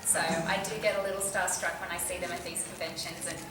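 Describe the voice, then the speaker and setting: A woman in her forties talks easily and laughs often while answering fan questions. Her voice carries through a large, echoing hall from some distance away. Steady background noise sits under every word. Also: lowish voice, fast. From Australia. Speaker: convention panel guest. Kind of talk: casual Q&A chat. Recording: echoey hall, from far off, noisy.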